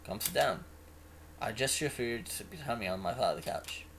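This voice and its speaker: A man reading a visual novel aloud with an animated, expressive delivery, narrating and voicing the lead. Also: medium pitch, a little fast, background noise. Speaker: game narrator and player. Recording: music playing underneath. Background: music.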